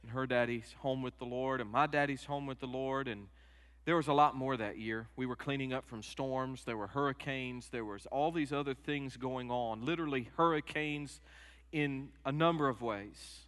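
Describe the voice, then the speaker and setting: A middle-aged man preaching a sermon, moving from quiet personal stories to loud, emphatic peaks. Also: medium pitch, normal speed. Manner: emotional storytelling, rising to loud emphatic peaks. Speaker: pastor. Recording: long hall reverb.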